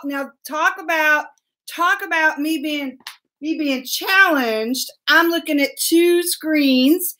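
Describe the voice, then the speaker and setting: A woman hosting a live web show, greeting viewers by name in a bubbly, excitable way and laughing often. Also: high-pitched, takes it slowly. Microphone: laptop mic.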